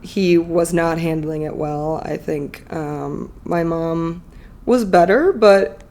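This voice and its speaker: A woman's voice: sits low, slow, a little mellow. A woman in her thirties, a podcast guest, telling a personal story candidly in a chatty, emotional way full of fillers.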